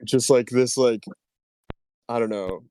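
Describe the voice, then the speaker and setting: A young man talks loosely on a podcast, drifting between casual swearing and quick laughs. His voice sits at a middle pitch, recorded dry and close with no room sound. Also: warm tone, dry recording. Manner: laid-back, swears casually, laughs often. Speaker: podcast host. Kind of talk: casual chat.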